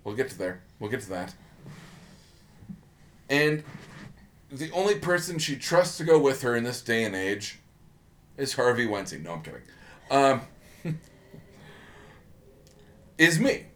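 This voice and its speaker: Man, podcast co-host, sarcastic rant, mid-pitched voice, casual and swearing. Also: sing-song, unhurried, pauses often, fairly bright tone. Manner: sarcastic, ranting, gets worked up and swears.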